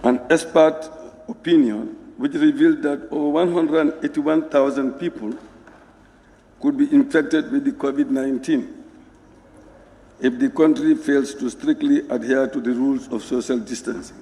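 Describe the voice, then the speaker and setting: A man, a member of parliament making a measured, formal speech in support of a report. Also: medium pitch, steady tone, dark tone. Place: parliament chamber. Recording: long reverb in a hall.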